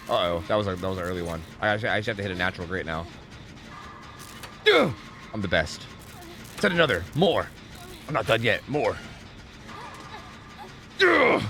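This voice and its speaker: Excitable, swooping man streaming a game. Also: brisk, long pauses, faint music behind. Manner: excitable, profane, swings from loud pleading to low mumbling. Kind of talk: live gaming commentary with chat.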